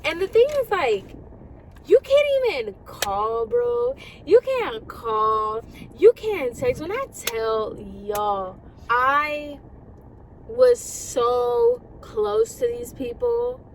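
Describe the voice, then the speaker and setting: A young woman vlogger in a parked car, ranting to her viewers in a casual, exasperated way. She talks rapidly and with lots of animation. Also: high voice, big pitch swings, slight background noise, rough recording. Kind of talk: casual rant to camera.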